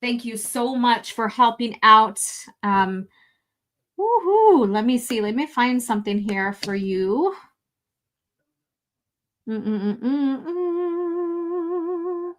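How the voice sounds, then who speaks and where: A woman's voice: a little high, a little slow, hardly any pauses, a bit bright. A woman live-streaming a fan film review, talking casually, laughing and swearing often.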